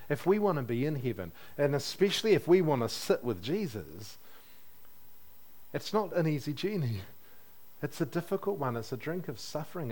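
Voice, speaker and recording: A man's voice: fairly high pitch, darkish tone. A man preaching a sermon in a conversational way, asking his listeners questions and adding light humor.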